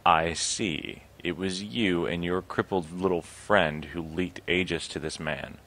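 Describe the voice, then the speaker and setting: A man's voice: sits low, unhurried, a bit bright. A man reading out the lines of a cold, wealthy older businessman from a computer game in his own plain voice. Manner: reads lines plainly, no voice put on. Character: cold wealthy older male corporate patriarch.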